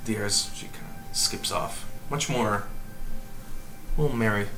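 A man with a low voice narrates a tabletop game as game master. He talks in a relaxed, halting way with plenty of ums. Music plays clearly under him. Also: echoey room. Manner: relaxed, halting, lots of fillers.

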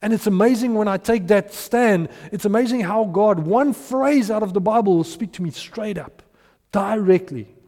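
Male pastor preaching, earnest with soft trailing endings, in a big echoing hall. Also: sits high, moderate pace. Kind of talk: sermon.

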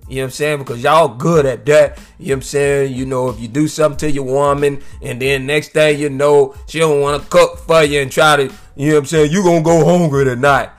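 A man's voice: on the high side, fairly even intonation, brisk, few pauses, soft background music. Profane, chatty man hosting a podcast. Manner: loose, profane and joking, with lots of "you know what I'm saying". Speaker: podcast host. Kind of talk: casual solo podcast rant.

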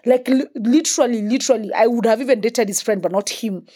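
A woman's voice: on the high side, fast. A young woman with a Kenyan accent telling a story in a casual monologue, emphatic, swearing freely and repeating words for emphasis. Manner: animated, emphatic, mixing English with Swahili slang.

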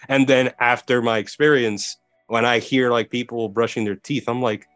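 Casual young podcast host, dry sound. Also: male voice, medium pitch, fairly even intonation, normal speed, a bit bright, no room sound, faint music behind. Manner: casual, curious, many fillers. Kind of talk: podcast interview.

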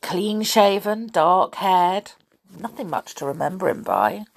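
A woman's voice: on the low side, lively intonation, unhurried, creaky, full character voice. Peter, a woman doing a bossy boy leader. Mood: put out. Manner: disgusted, then matter-of-fact.

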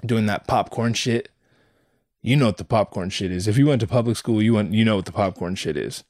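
A man's voice: on the low side, fairly quick, dry recording. Profane rambling man, dry close sound. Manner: rambling, heavy swearing, animated storytelling. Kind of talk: casual profane monologue.

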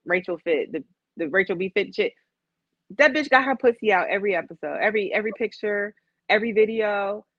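A woman's voice: medium pitch, brisk, a bit bright, no echo. Woman, from Chicago, casual co-host, candid, profane, dry dull sound. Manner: candid, profane, laughs through her stories. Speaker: podcast co-host. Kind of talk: casual chat.

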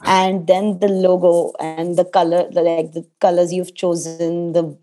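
A woman's voice: lowish voice, flat delivery, unhurried, warm tone. A woman interviewing a guest in casual chat, asking rambling questions full of fillers and encouraging replies.

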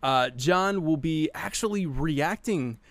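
Male podcast host, excitable and giggly, slightly high voice, dry studio sound. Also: slow pace, no room sound. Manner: hyped, laughs often, restarts sentences. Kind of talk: casual live podcast chat.

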